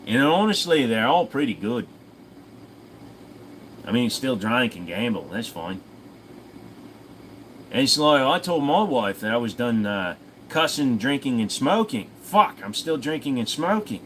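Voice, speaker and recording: A man's voice: mid-range voice, sing-song, a little slow, long pauses, a little hiss or hum, low-quality recording. A man hosting a casual livestream Q&A, reading out viewer comments and answering them in an offhand, profane way. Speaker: host.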